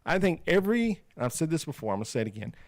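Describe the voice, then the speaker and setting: A man's voice: on the high side, big pitch swings, racing, no room sound. A man co-hosting a casual podcast chat, talking emphatically and repeating himself as he rants. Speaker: podcast co-host.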